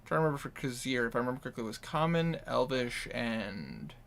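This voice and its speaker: Game master, male, Minnesotan accent, loose rambling narration, mid pitch. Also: very animated, fast, creaky, a little hiss or hum. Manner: rambling, casual descriptions with many fillers. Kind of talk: narrating a tabletop game over voice chat.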